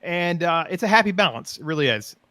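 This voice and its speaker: A man rambles enthusiastically through his stories in a casual podcast chat. His voice is bright and forceful, recorded dry and close. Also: high voice, expressive, a little fast, no room sound. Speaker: podcast co-host. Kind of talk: casual chat about roleplay.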